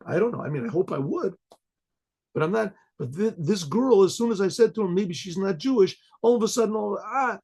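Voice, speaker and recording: Husky-voiced rabbi giving a casual talk. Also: male voice, sits high, brisk, darkish tone. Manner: conversational teaching, frequent throat clearing, Hebrew phrases translated. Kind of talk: sermon-style Torah class.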